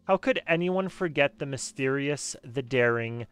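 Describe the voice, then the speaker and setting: A man's voice: mid-range voice, lively intonation, unhurried, fairly bright tone, faint music behind. A young Canadian man streaming a video game, joking around, laughing and swearing casually.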